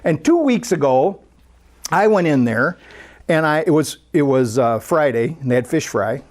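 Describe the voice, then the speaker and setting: A speaker at a spiritual center, telling a story during a sermon in a conversational, animated way. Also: mid-range voice, moderate pace.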